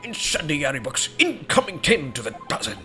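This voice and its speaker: A man's voice: a little high, wildly swooping pitch, moderate pace, voice pushed up. A man doing a pompous old British army man. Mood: boastful. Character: blustering older British retired army man. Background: game music.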